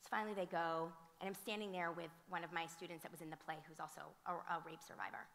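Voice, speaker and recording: A woman who teaches and directs theater, speaking on a panel and telling animated stories full of fillers and restarts. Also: on the low side, quick pace. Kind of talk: conversational storytelling at a conference. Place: museum auditorium. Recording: reverberant hall sound.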